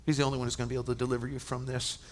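A man preaching a sermon at a men's conference, impassioned, often stammering and restarting, and dropping to a hushed whisper for effect. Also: medium pitch, little pitch movement, very fast, a little hiss or hum. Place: large conference hall. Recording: long reverb of a large hall.

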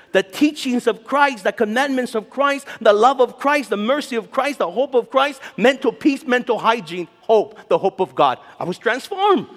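A man in his fifties delivers a storytelling sermon in a very high voice. He is animated and joking, breaking into shouts now and then. A long hall reverb trails every line. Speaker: conference speaker, Bible teacher. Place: large conference hall.

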